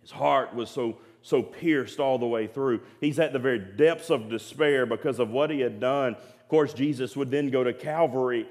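Earnest preacher man, mid pitch. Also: normal speed. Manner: earnest, repeats words, drops to quiet emphasis. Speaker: pastor. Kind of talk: sermon. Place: church sanctuary.

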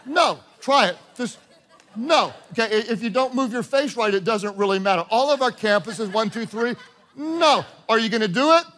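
A man preaching a sermon as pastor, animated, acting out short exchanges and repeating his points. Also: high voice, fast talker, hardly any pauses. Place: church auditorium with congregation.

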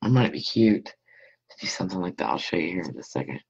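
A woman's voice: extremely low pitch, lively intonation, brisk, vocal fry, a little mellow, breathy edge. Chatty woman hosting a crafting stream. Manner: chatty, talks to viewers while working. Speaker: scrapbooking host. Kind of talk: casual live craft stream. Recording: dull lo-fi sound.

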